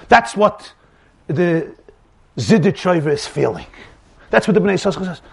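A man's voice: high voice, very animated, brisk, creaky, slightly rough. A man giving a dramatic religious lecture, acting out dialogues with rising emphasis. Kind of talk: animated Torah lecture with acted dialogue.

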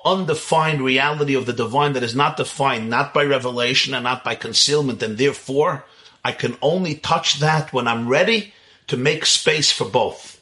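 Bright-voiced man teaching Kabbalah. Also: mid-range voice. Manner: animated, intense, with rhetorical questions and chuckles. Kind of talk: religious lecture.

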